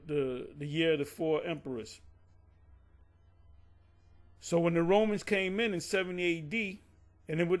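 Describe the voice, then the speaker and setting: A man teaching from the Bible in a casual, rambling way, often stopping to correct himself and drifting off on side stories. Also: a little high. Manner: rambling, digressive, self-correcting.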